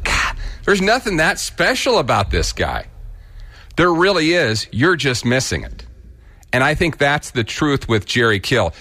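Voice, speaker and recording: A man's voice: medium pitch, a bit bright. A man from Kansas with a rural Kansas accent, giving blunt, folksy opinion commentary as a radio host.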